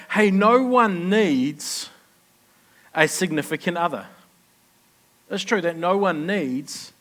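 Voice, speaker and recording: Pastor, high male voice, chatty sermon that keeps checking in with the room. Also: fairly bright tone. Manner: chatty, asks the congregation questions. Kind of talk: conversational sermon.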